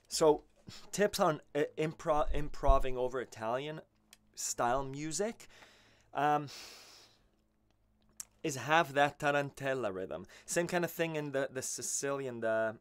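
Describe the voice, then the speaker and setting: A man teaching accordion on a weekly live stream, explaining musical ideas loosely, with halting restarts, and answering viewers' questions. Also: mid-range voice, smooth.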